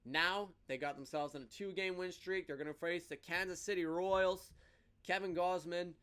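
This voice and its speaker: A man with a slightly high voice hosts his own casual fan show, recapping games and sharing opinions. He sounds excitable, rattling through stats with big rises and dips in energy. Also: moderate pace, clear, resonant tone.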